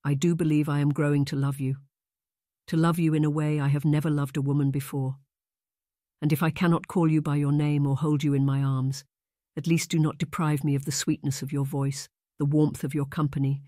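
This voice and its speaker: A man's voice: a little high, warm tone, no room sound, studio quality, natural voice. A man voicing a lovesick young marquis, earnest and pleading in formal old-fashioned speech.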